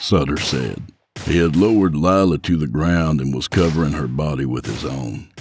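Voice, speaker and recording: A man narrating a dark story in a measured, grave voice. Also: a bass voice, slight background noise. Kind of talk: dramatic audiobook narration. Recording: gunfire sound effects behind.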